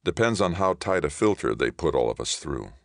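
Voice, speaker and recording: A man voicing a calm male veteran soldier who speaks low and measured. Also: no room sound, clean studio sound, exaggerated voice.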